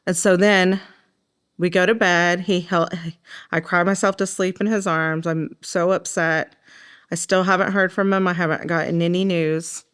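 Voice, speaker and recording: Middle-aged Oklahoma mother, documentary interview, lower smooth voice, halting and emotional. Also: fairly even intonation, fairly bright tone. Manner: emotional, halting, with frequent fillers. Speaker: mother of the deceased.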